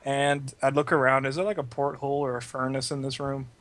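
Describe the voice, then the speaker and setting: A man's voice: medium pitch, little pitch movement, fairly quick, a bit bright, no room sound. A man playing a tabletop role-playing game, talking casually, swearing freely and slipping into quoted lines for his character. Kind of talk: casual improvised role-play.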